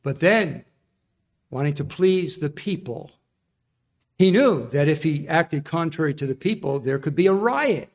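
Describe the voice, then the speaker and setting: A male preacher delivering a sermon, earnest and emphatic. His voice sits a little higher than most men's. He explains each point with steady conviction. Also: a little slow.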